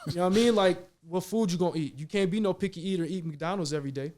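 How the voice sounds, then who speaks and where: A fairly high-pitched man in his thirties, a pro basketball player from Minnesota, chats as a guest on a casual talk show. He tells animated stories in loose slang and keeps checking in with "you know what I mean.". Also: racing, slight background noise. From Minnesota, United States. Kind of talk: casual conversation.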